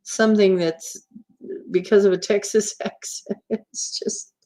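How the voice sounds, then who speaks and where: A woman's voice: medium pitch, steady tone, measured pace, warm tone. A woman hosting a casual livestream, chatting in a rambling, teasing way and laughing easily. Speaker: livestream host.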